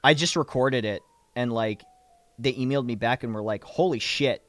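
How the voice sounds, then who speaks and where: A man chatting casually on a livestream, answering viewer questions in an animated way, laughing easily and swearing offhand. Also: medium pitch, no room sound, soft background music. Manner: demonstrates voices with quick shifts. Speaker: voice actor and streamer.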